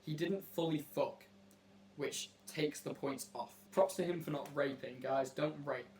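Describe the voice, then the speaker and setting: A man's voice: a little high, a little slow, darkish tone, slight background noise. A man hosting a casual chat with strangers, joking in a brash, mock-serious way and swearing freely. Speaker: host asking strangers on a video chat app.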